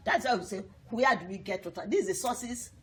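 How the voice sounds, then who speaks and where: A woman's voice: medium pitch, fairly quick. A woman teaching a lesson to young pupils, repeating points emphatically and asking the class questions.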